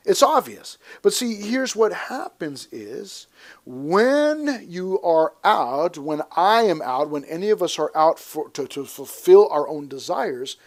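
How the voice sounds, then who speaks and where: A man preaching as a pastor at a church service, emphatic and animated, with playful asides to the congregation. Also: sits high. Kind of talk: sermon.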